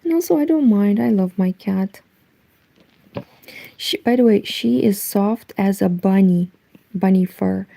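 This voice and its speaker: Late at night at home, this Eastern European woman hosts a knitting livestream, speaking gently in her native Romanian-accented manner and reading viewers' messages aloud. Having nearly lost her voice, she sounds gravelly and mid-range, unhurried, with long pauses.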